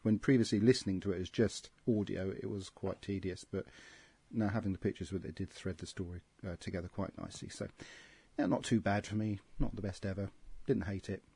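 A man's voice: deep voice, fairly even intonation, brisk, creaky, dark tone, breathy edge, no echo. A man from England hosting a casual panel review, rambling with many ums and restarts. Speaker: podcast host.

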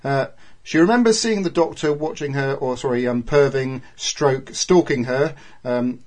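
A man's voice: medium pitch, moderate pace, a little mellow. Chatty man hosting a casual podcast. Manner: chatty and giggly, trails off with ums. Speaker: podcast host. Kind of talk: casual chat reading episode notes.

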